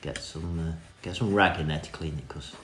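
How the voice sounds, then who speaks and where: A man's voice: extremely low pitch, brisk, a bit bright. A man giving a cheeky, self-mocking running commentary in a casual hands-on repair tutorial. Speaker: vintage reel restorer. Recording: echoey room with music behind.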